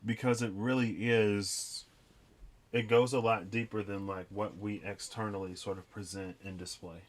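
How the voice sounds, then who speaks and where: A man's voice: on the low side, little pitch movement, normal speed, a little hiss or hum. A young man reading tarot cards and chatting in a rambling, reflective way with many fillers. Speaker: tarot reader. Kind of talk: casual tarot reading vlog.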